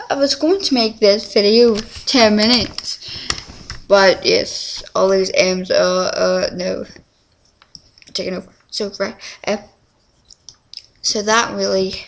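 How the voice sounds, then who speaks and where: Slow-talking teen girl on her webcam, rambling all over with lots of ums, medium voice. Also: mid-range voice, gravelly. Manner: rambling, scattered, many fillers. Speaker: vlogger. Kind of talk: casual confessional vlog.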